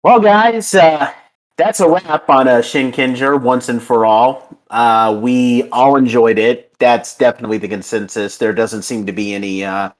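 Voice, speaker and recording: A man of middling pitch hosts a casual podcast chat. He talks loosely, with frequent ums and uhs as he wraps up the episode. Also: a little slow. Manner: filler-heavy, with many ums and uhs. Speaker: podcast host.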